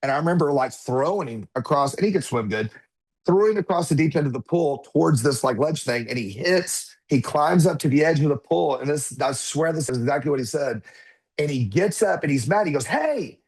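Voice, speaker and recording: Animated man telling a family story. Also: on the high side, a little fast, husky. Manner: animated, acts out quotes of his children. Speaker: podcast guest. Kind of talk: conversational storytelling.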